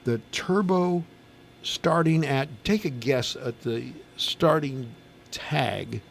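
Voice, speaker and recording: A man's voice: medium pitch, slow pace, gravelly, slight background noise. A middle-aged man hosting a morning radio show, reading news items and chatting casually with his co-hosts. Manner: chatty, reads news then banters with laughs. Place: radio studio.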